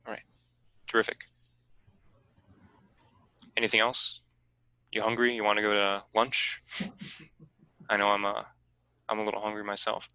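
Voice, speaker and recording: A man presenting a teaching workshop over a video call, explaining in a relaxed, conversational way. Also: lowish voice, a little slow, pauses often, smooth, no room sound, rough recording.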